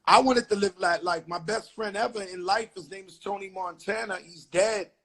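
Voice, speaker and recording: A man from the Bronx with a notably high voice chats over a phone video call. He tells street stories in a loose, animated way, swearing freely as he goes. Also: normal speed, over a noisy crowd. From the Bronx, New York. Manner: animated, swearing, acts out quotes loudly. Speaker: host of a live video chat. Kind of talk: casual storytelling chat. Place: home, live video call.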